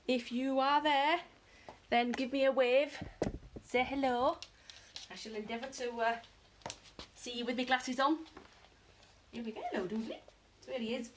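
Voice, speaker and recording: A British woman giving a casual live dog-training lesson at home, chatting to viewers and breaking into high-pitched praise for her dog. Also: fairly even intonation, unhurried, long pauses, background noise. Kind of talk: live-streamed training demo.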